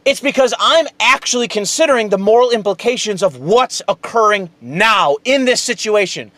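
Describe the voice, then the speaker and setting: A man with a high-pitched voice, hosting a heated, profane, sarcastic political rant. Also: expressive, normal speed, hardly any pauses, a bit bright, dry recording. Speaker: political commentary host.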